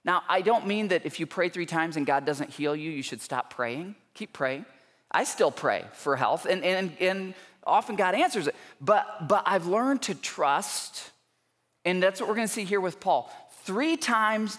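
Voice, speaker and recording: Guy pastor preaching, slightly high voice, earnest and emphatic, big church hall echo. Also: expressive, fairly bright tone. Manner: earnest, emphatic preaching with rising intensity and pauses. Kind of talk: sermon. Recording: long church hall reverb.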